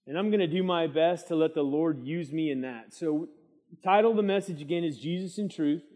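A middle-aged man teaching a midweek church Bible study, preaching in a lively way and drawing amens from the room. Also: a little high, brisk. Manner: lively preaching with call-and-response asides. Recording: long church hall reverb.

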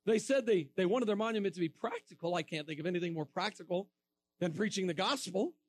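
A man preaching to a room of students, telling a story with lively acted-out quotes and bursts of laughter. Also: high voice, fast talker. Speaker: evangelist speaking to students. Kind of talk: storytelling sermon.

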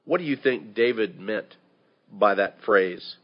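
A man pastor preaching a sermon, reading scripture loudly and then dropping to quiet, intimate asides. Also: on the low side, a little slow. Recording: dull lo-fi podcast audio.

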